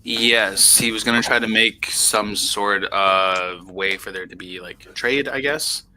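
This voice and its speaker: A man chatting casually as a player in a tabletop game, with relaxed, short replies. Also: lowish voice, slow, slight background noise, poor audio.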